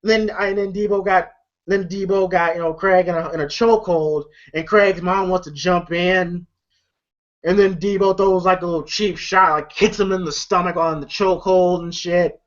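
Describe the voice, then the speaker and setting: A man's voice: sits high, steady tone, moderate pace. Rambling, profane man reviewing a movie. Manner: rambling, profane, laughs often. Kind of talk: casual commentary. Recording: lo-fi dull audio.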